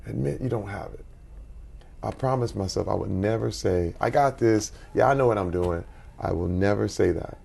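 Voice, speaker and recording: A man in his forties, a guest in an interview, telling personal stories in an animated way and acting out quotes with big jumps in his voice. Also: on the low side, normal speed, gravelly, breathy edge. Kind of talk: conversational storytelling.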